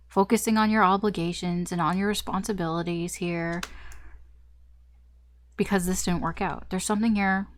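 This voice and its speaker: A woman's voice: medium pitch, no echo. Chatty woman giving a tarot reading. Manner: chatty, rambling, laughs at herself. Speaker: tarot reader. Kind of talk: casual tarot reading monologue.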